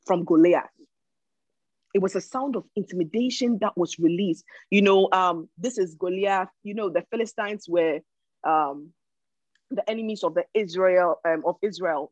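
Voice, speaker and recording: Husky-voiced woman teaching scripture. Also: fairly low pitch, normal speed, a little mellow, no echo, dull audio. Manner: emphatic, reads scripture and explains it, repeats words while thinking. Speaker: Bible teacher. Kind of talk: sermon-style Bible teaching.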